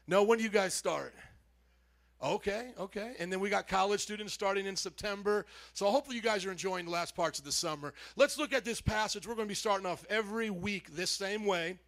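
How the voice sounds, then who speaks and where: Man, pastor, lively sermon introduction, joking, high-pitched voice, church sanctuary. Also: a little fast. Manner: lively, joking, calls on the congregation to respond.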